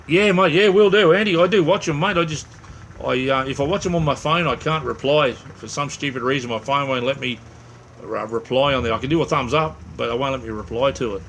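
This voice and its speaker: A man's voice: medium pitch, brisk, fairly bright tone, slight background noise. Laid-back Australian man chatting live. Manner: rambling and laid-back, heavy on "mate" and "um". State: tired from little sleep. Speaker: livestream host. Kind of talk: casual live-chat with viewers.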